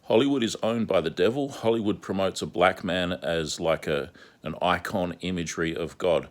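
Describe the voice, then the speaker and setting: A man's voice: sits low, normal speed. A man delivering a repetitive, insistent monologue as an online commentator. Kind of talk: ranting monologue vlog.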